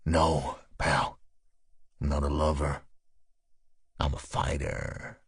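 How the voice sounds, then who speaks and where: A man doing a low, menacing hard cop. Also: expressive, takes it slowly, breathy edge, no room sound, studio quality, full character voice. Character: hard, quiet male ex-soldier cop.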